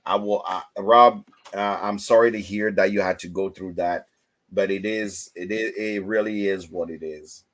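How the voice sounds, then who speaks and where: A man hosting a casual livestream chat, telling stories with lively, loud acted-out quotes. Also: lowish voice, normal speed. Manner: animated storytelling, acts out quotes loudly. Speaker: host.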